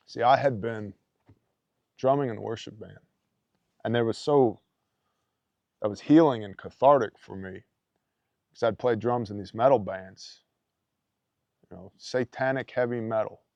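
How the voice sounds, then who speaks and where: A man's voice: fairly low pitch, darkish tone, no room sound. A man casually telling a personal story in a blunt, emphatic way, often tossing in "man". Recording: dull, dry lo-fi podcast audio.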